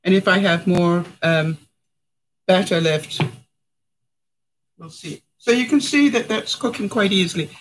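A middle-aged Canadian vlogger is cooking in her home kitchen on a live stream, chatting with viewers and laughing a lot. Her voice sits on the low side and she speaks unhurriedly, with long pauses. The audio is poor, with slight background noise.

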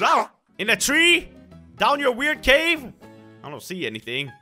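A young man narrates his gameplay in a dramatic, excitable way. His voice is high and bright, swinging widely in pitch. Faint music plays underneath. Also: measured pace. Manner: excitable, dramatic, shrieks at scares. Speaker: gaming video host. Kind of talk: gameplay commentary.

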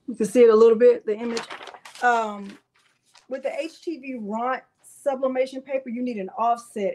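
A woman's voice: a little high, dark tone, slight background noise. A woman hosting a live crafting tutorial, chatty and playful as she jokes with her viewers. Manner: chatty and playful, joking with chat. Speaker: crafting channel host.

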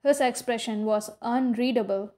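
Woman reading a novel aloud, halting. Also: a little high, mellow. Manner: halting reading with frequent slips. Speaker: audiobook reader. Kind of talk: first-person novel narration.

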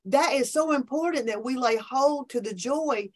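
Enthusiastic woman preaching. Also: high voice. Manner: enthusiastic, preachy, quick restarts. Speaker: podcast guest, minister. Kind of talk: animated faith conversation. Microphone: remote call from her office.

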